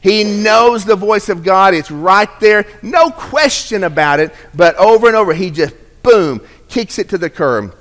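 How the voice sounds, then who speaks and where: Man, pastor, sermon, slightly high voice, hushed to emphatic, reverberant hall. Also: animated, unhurried, few pauses. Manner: preaching with wide swings from hushed to emphatic.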